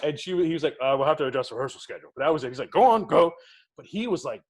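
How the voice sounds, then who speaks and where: In rapid-fire speech at medium pitch, a middle-aged man recounts theatre tales casually as an interview guest. A podcast co-host himself, he acts out each quoted voice with animation.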